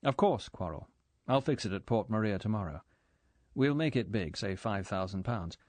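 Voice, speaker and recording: A male narrator voicing a cool, decisive British agent who plans in brisk, clipped sentences. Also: on the low side, expressive, darkish tone, dry recording.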